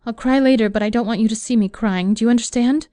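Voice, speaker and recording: A woman's voice: fairly high pitch, fast, mellow, dry recording, lightly acted. A woman voicing a heartbroken young woman in an audiobook, speaking in a pleading, emotional way.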